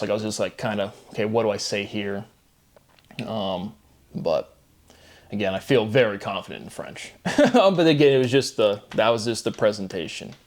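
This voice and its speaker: A man's voice: lowish voice, a little mellow. A man hosting his own channel, talking alone in a loose, rambling monologue about word logic, full of fillers and self-corrections. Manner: loose, filler-heavy, wordplay-driven musing. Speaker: solo channel host.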